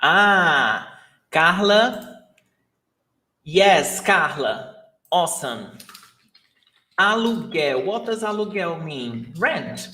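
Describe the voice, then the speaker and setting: Guy teaching online, talks real slow, voice a bit high, repeats stuff and quizzes the class. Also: very animated, bright, forceful tone, rough recording. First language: Portuguese. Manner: patient, repeats words slowly, asks students questions. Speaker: Portuguese teacher. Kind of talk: live online lesson.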